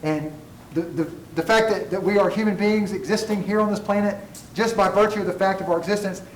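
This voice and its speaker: A man lectures on ethics to a classroom, wandering into tangents and making fun of himself along the way. His fairly high voice carries through an echoey room, picked up by a mic set well back. A faint hum of room noise sits underneath. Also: steady tone, fairly quick, far from the mic. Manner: digressive, self-deprecating humor. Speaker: college ethics instructor.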